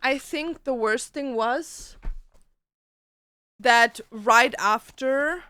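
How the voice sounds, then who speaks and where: A young woman who grew up speaking German, streaming, talking in a halting casual way full of fillers and restarts. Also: sits high, bright, forceful tone, clean tone, no echo. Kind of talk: casual livestream chat.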